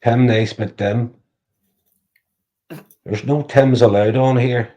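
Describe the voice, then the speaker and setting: A man's voice: mid-range voice, fairly even intonation, slow pace, warm tone. A man chatting casually on a livestream, crude and joking, swearing freely. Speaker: livestream co-host. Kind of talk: casual live chat.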